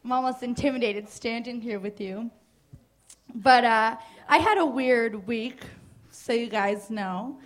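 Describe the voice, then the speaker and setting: A woman's voice: a little high, a little slow. A young woman from New Jersey doing a stand-up comedy set on a club stage, casual and crude, with hesitant fillers and self-mocking asides.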